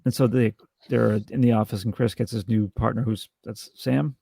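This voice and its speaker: A man co-hosting a podcast, chatting casually about a movie with halting restarts and dry jokes. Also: mid-range voice, fairly even intonation, creaky, dark tone, breathy edge, no room sound. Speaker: podcast co-host. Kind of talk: casual film review chat.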